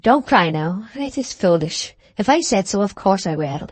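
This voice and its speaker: A man's voice: high voice, lively intonation, normal speed, no echo. A woman voicing an evasive young male soldier in an audiobook, with a cool, offhand manner. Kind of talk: audiobook character reading.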